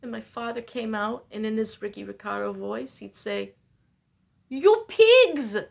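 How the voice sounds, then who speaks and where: A woman's voice: medium pitch, level tone, normal speed, gravelly. A woman vlogger delivering a rambling, exasperated, self-mocking monologue.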